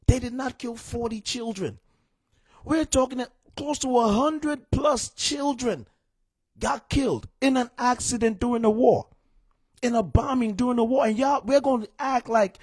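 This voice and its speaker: A man's voice: sits high, animated, normal speed, a little mellow, breathy edge, dry recording. A young man giving a heated, exasperated live stream rant to his viewers, repeating himself and calling them "y'all". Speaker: political commentator streaming live.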